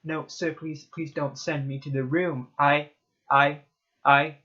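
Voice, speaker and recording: A man playing a terrified schoolgirl who stammers and begs, her voice lifted a little higher in panic. It comes through a dull, lo-fi recording. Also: flat delivery, slow, pushed and bright. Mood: pleading. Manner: stammering, begging. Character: scared schoolgirl, pleading and stammering.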